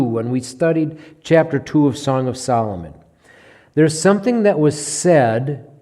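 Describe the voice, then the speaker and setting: A man's voice: fairly high pitch, mellow. A man preaching as a pastor in a church, teaching verse by verse in a conversational way and often checking in with "okay?".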